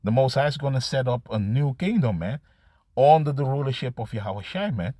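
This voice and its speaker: A man preaching an improvised scripture sermon to camera. He talks in a halting, repetitive way, restarting words and tagging lines with "man" and "you see.". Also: medium pitch, expressive, dark tone, no echo. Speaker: street-style preacher.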